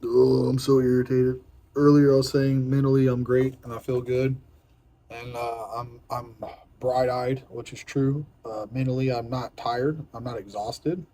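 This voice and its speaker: A man's voice: mid-range voice, steady tone, measured pace, warm tone, low-quality recording. A young man on a strict diet, hungry and irritable, talking frankly and repeating himself in a casual vlog. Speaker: fitness vlogger on a diet. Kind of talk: casual vlog talk to camera.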